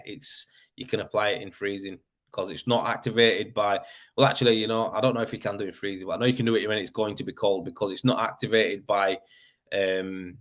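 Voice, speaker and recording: A man's voice: on the low side, a bit bright. A man from Leeds with a West Yorkshire accent, chatting casually on a livestream as host, laughing often and rambling. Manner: rambling, laughs often, says "you know what I mean". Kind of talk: casual livestream chat reading comments.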